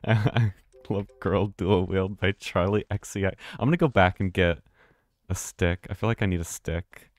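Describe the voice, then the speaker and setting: Rambling through live gameplay commentary, a man streams a game in a relaxed, chatty way, laughing and cursing frequently. He has a deep voice and a measured pace, captured in a dry recording.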